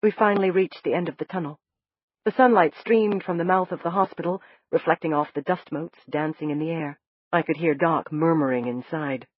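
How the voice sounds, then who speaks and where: A woman with a low, breathy voice reads a novel aloud in the first person, soft and measured. The sound is dry and a little dull, as if from a lo-fi recording. Her telling carries a quiet emotional weight. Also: no room sound. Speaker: audiobook narrator.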